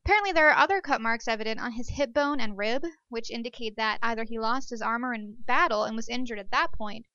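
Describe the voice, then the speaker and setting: A woman's voice: fairly high pitch, quick pace, hardly any pauses, pushed and bright, no room sound, muffled recording. A woman hosting an archaeology show, talking casually and joking between facts. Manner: chatty and jokey, self-deprecating asides. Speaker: podcast host. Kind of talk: casual educational monologue.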